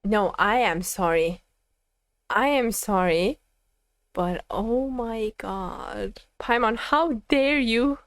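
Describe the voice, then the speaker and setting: A woman's voice: medium pitch, takes it slowly, dry recording. A young woman streaming a game and reacting, giggling, flustered and gushing in casual commentary.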